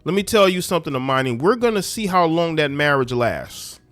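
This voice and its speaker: A man hosting a commentary channel rants scornfully about social media, preaching straight at his listeners. His voice is on the high side, expressive, brisk and a bit bright, and the recording has no echo.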